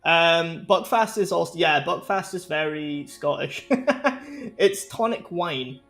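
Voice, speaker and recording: A man's voice: fairly high pitch, takes it slowly, vocal fry, a bit bright, faint music behind. A young man chatting casually with his stream viewers, rambling and laughing often. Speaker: live streamer.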